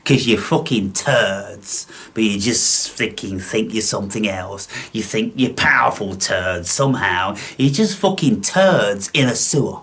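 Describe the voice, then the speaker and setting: A man's voice: fairly low pitch, lively intonation, unhurried, hardly any pauses, fairly bright tone. A man delivering an angry, contemptuous, profane monologue as the host of his own channel.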